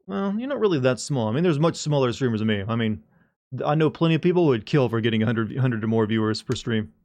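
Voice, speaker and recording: A man's voice: mid-range voice, animated, fast, a little mellow. A man chatting casually to his live-stream audience, joking and rambling with frequent restarts. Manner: joking, rambling, talks to chat.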